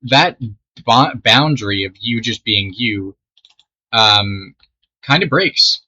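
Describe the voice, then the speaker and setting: A man's voice: on the low side, expressive, slow pace, sharp tone, breathy edge. A young man telling a rambling, swear-filled story while he plays a game, often trailing off mid-sentence. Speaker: storytelling gamer. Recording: dull lo-fi mic.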